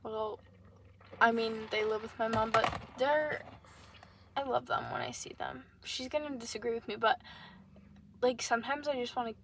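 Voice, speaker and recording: Chatty young woman, high voice. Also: fairly even intonation, moderate pace, pauses often, noisy background. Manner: chatty storyteller, laughs often. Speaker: podcast co-host. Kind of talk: casual chat.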